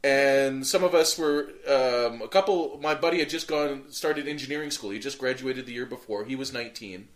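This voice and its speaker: A man's voice: medium pitch, normal speed, hardly any pauses. A man telling a long, rambling story in casual chat, full of fillers, restarts and swearing.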